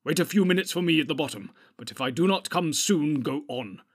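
Gandalf, a husky old wizard, read by a man. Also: fairly high pitch, expressive, a little fast. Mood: commanding. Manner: urgent, forceful commands. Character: old male wizard, stern and commanding. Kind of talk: audiobook reading.

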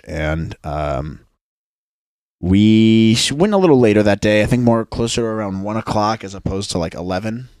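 A man's voice: on the low side, no echo, studio quality. A young man, a podcast host, telling a story in a rambling, sarcastic casual chat. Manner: rambling, sarcastic, mocks others in put-on voices.

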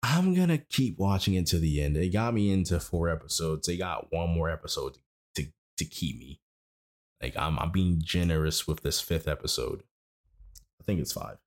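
A man's voice: low-pitched, animated, normal speed. A man casually recapping an anime episode, rambling and correcting himself as he goes. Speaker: anime podcast host.

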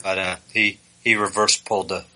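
A man co-hosting a podcast, telling absurd stories in a deadpan, joking way. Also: low-pitched, moderate pace, poor audio. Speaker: podcast co-host. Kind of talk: casual podcast chat.

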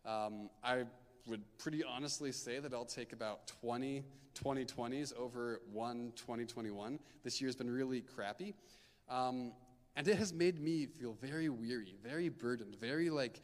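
A young male preacher talks through scripture in a relaxed, frank way, with plenty of fillers. His voice sits in a middle range. The sound carries a long reverb, as in a large church hall. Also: medium pitch, a little fast. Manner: informal, candid, filler-heavy with likes and ums. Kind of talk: casual sermon with scripture reading.

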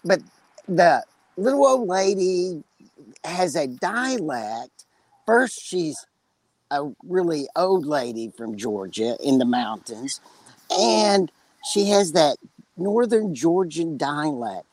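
A man's voice: a little high, big pitch swings, slow pace, no room sound, poor audio. A man with a West Texas accent, chatting casually as a podcast co-host and telling long, joking stories. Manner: rambling storyteller, joking. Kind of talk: casual chat.

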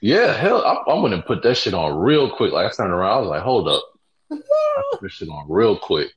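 A man's voice: fairly low pitch, huge pitch swings, brisk, husky. A man telling a work story in casual slang, laid-back and amused. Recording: dull lo-fi recording.

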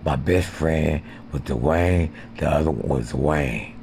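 A man rambling profanely through improvised skits and jokes, now and then jumping into squeaky put-on voices. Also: slow, gravelly, a little mellow, a little hiss or hum. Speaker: amateur podcaster. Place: porch outdoors.

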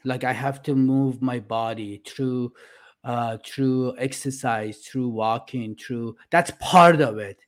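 A middle-aged man from Iran, a podcast guest talking earnestly and haltingly, with many "uh" fillers. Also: mid-range voice. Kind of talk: casual interview talk.

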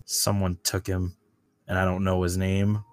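A man voices his character in a tabletop game with a casual, halting delivery, often starting his sentences over. His voice is deep. The recording is dry and close. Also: completely flat delivery, clear, resonant tone, dry recording. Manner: hesitant, restarts phrases, casual. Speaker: player.

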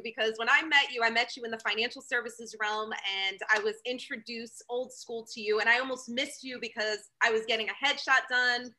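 A woman appears as a guest on a podcast in casual chat. Her voice is strikingly bright and fairly high. She speaks with upbeat enthusiasm and is quick to praise. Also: steady tone, poor audio. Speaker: podcast guest, business founder.

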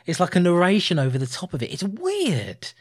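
A man in his thirties co-hosting a casual film review podcast, animated and laughing often. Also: sits high, a little fast. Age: 30s. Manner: animated, laughing, puts on voices for quotes. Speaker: podcast co-host.

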